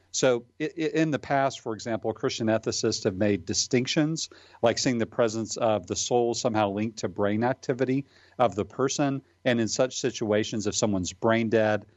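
A man speaking as a radio guest, explaining his views thoughtfully with frequent pauses. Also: mid-range voice, darkish tone, no room sound, lo-fi sound. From Michigan. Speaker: guest commentator. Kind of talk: radio interview.

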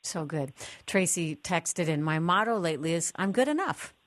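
A woman's voice: fairly low pitch, expressive, normal speed. A woman hosting a talk show, affirming her guest and reading listener texts. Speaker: radio show host. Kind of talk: casual chat.

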